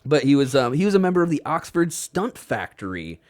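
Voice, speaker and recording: A man's voice: fairly high pitch, very animated, fairly quick, darkish tone. A man hosting a podcast, joking crudely and telling stories in casual chat. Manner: joking, crude, tells stories with put-on voices. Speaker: podcast host.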